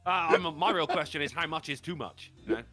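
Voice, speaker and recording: High, bright-voiced joking man. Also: soft background music. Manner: quick, teasing, punning. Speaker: podcast co-host. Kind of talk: comedic banter.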